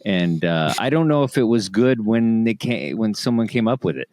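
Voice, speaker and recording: A man's voice: on the low side, expressive, moderate pace, a little mellow, no room sound. A man co-hosting a comedy podcast, ranting in casual, jokey banter. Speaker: podcast co-host.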